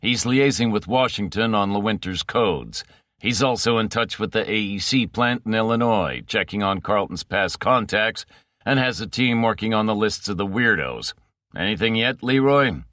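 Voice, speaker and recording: A man's voice: on the low side, moderate pace, pushed and bright, dry recording, studio quality. A man reading the part of a senior male lawman, clipped and businesslike, firing off questions.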